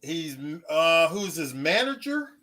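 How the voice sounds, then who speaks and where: A man's voice: fairly high pitch, sing-song, slow pace, pushed and bright. A man on a boxing talk panel, chatting casually and joking with the host. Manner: laid-back, joking. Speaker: panel guest. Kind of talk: casual chat.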